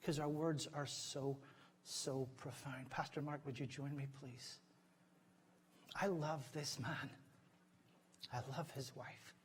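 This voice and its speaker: A middle-aged man preaching as a guest speaker in a church, heartfelt, moving between loud stories and hushed moments. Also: medium pitch, fairly even intonation, slow, long pauses, slight background noise. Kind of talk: sermon. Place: church sanctuary.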